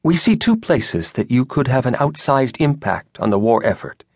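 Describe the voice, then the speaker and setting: A man voicing a calm, commanding admiral. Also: medium pitch, no echo, clean studio sound, pitched above the performer's own voice. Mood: measured. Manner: measured, apologetic yet firm.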